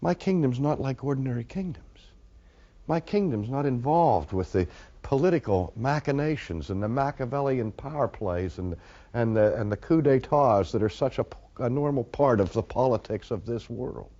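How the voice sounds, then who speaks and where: A man voicing Jesus as a calm, defiant prisoner who speaks plainly and emphatically, in a dull lo-fi recording. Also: medium pitch, normal speed.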